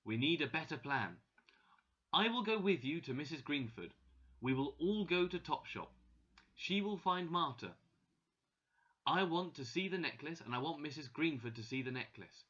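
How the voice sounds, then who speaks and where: A man voicing a kind, thoughtful French man with a French accent, speaking slowly and clearly, in a dull lo-fi recording. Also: a little high, expressive, fairly bright tone. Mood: calm.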